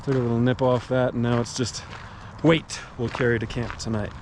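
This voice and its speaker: A man's voice: mid-range voice, level tone, fairly quick. Young man, hiking vlog, laid-back rambling talk, outdoor noise, traffic in the background. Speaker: thru-hiker vlogger. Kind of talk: casual vlog narration. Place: outdoors on a mountain trail by a highway.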